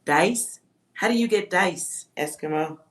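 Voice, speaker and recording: At a measured pace and fairly low pitch, a woman runs a psychic reading on her livestream for chat. She reads out words in a musing way, spells several, and lets offhand swears slip.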